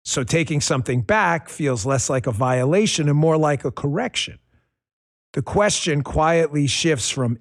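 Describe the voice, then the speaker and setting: A man's voice: a little high, expressive, unhurried. Fired-up talk show host, man in his fifties. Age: 50s. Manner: fired-up, swings from muttered asides to near shouting. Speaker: podcast host. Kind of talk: opinionated talk show monologue.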